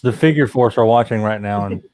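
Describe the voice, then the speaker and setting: A man's voice: lowish voice, fairly quick, a little mellow, clean tone, dry recording. A man co-hosting a casual group chat, riffing jokingly on absurd scenes. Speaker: podcast co-host.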